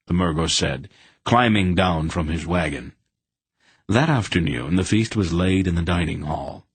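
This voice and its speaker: Deep gravelly male audiobook narrator. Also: a little slow, a bit bright, no echo.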